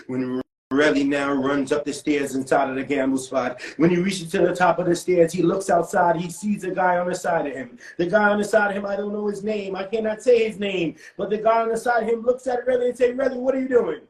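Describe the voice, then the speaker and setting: A man telling a comic street story, animated and repetitive with dramatic outbursts. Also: high voice, fairly quick. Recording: roomy echo.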